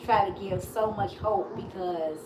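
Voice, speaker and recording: A woman with a Chicago accent co-hosting a live chat, telling stories in an animated way with many restarts. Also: medium pitch, measured pace. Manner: animated storytelling, frequent laughs and restarts. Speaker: live show co-host. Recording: echoey room with steady background noise.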